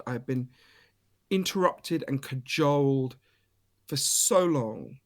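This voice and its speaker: Animated British man telling stories. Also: a little high. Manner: animated, emphatic storyteller, swears casually. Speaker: author and guest. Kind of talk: storytelling interview.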